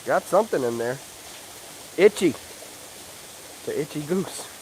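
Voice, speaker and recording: A man livestreaming outdoors at an animal park, chatting excitedly and calling out to the animals. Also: fairly high pitch, measured pace, slight background noise, low-quality recording. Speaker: livestream vlogger. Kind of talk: casual livestream chat.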